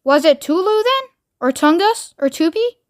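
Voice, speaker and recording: A woman's voice: extremely high pitch, expressive, moderate pace, dry recording, studio quality, pitched above the performer's own voice. A woman doing a whiny, frightened president. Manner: pleading, squealing.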